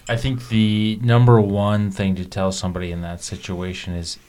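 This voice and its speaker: Low-voiced man, halting podcast chat. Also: level tone, darkish tone. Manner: halting, many filler words. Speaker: podcast co-host, emergency physician.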